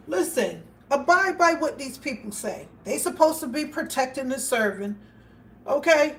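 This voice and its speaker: A woman's voice: high-pitched, animated, moderate pace, fairly bright tone, far from the mic. A woman hosting a casual livestream, telling stories emphatically and speaking straight to her viewers over a phone. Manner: emphatic storytelling, addresses viewers directly. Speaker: livestream host. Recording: voice a bit off mic, faint background noise.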